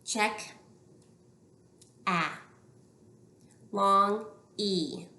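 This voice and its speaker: A woman teacher leading a phonics lesson, prompting slowly and clearly with patient, drawn-out words. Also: medium pitch, bright, forceful tone. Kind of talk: slow, deliberate phonics lesson. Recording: echoey room.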